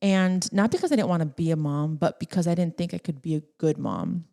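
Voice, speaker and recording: A woman's voice: low voice, sing-song, a little fast, gravelly, warm tone. A young woman hosting a solo podcast in a casual, rambling, emotional way, laughing often and tearing up at times. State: tearful at times. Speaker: podcast host.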